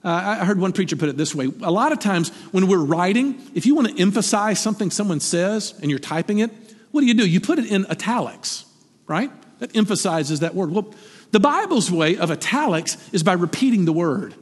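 A middle-aged man delivers a sermon in an animated, conversational way, throwing rhetorical questions to his congregation. His voice sits high and a little husky, with lively swings of pitch. It rings out with a long reverb, like a church sanctuary. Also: fairly quick. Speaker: pastor.

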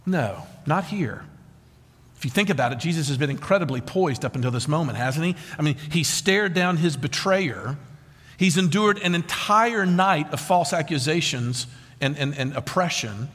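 High, animated male preacher in reverb. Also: moderate pace, husky. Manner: dramatic preaching with rhetorical questions. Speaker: pastor. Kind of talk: sermon. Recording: long reverb of a large hall.

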